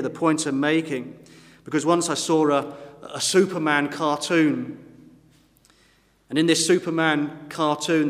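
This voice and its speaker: Dramatic preacher in a reverberant hall. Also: male voice, sits high. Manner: dramatic retelling, acting out townspeople's doubts. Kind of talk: sermon. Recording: long reverb of a church hall.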